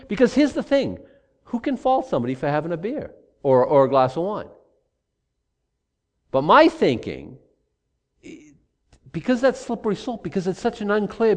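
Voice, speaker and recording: Animated, lively-pitched male preacher. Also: moderate pace, long pauses. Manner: animated, acts out rationalizing voices. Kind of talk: sermon.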